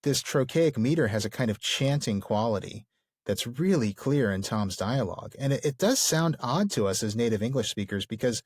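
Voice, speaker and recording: A man's voice: mid-range voice, expressive, normal speed, darkish tone, husky, no echo. A man co-hosting a podcast, explaining literature casually and enthusiastically, with plenty of fillers. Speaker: podcast co-host.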